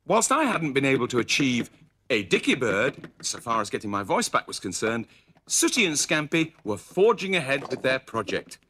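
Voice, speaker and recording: A man narrating a children's puppet story, lively and quick to slip into character voices. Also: mid-range voice, a little hiss or hum.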